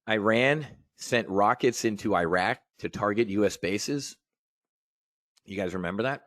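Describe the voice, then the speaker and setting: A man's voice: medium pitch, fairly bright tone, no room sound, studio quality. A man hosting a live trading brief, ranting bluntly and profanely. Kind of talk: live market commentary rant.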